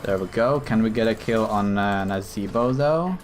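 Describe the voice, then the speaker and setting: A man's voice: fairly low pitch, moderate pace, soft background music. A man giving live commentary over his own gameplay, thinking aloud and explaining his choices in a hesitant, explanatory way.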